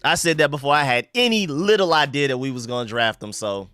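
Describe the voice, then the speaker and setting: A young man from the United States hosting a live stream, chatting casually and shouting out viewers and donations. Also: medium pitch, a little fast, clear, resonant tone, no echo, faint music behind. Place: home room.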